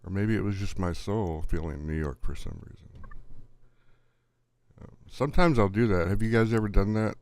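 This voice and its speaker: A man's voice: fairly low pitch, normal speed, a little mellow. A middle-aged man hosting a live stream in a casual, chatty way, greeting viewers by name and laughing often.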